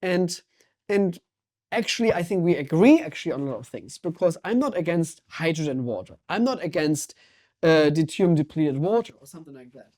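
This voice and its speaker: Mellow-voiced energetic German-accented man. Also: fairly high pitch, a little fast. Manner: energetic, intense, emphatic. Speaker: guest, water sommelier. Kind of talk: podcast interview conversation.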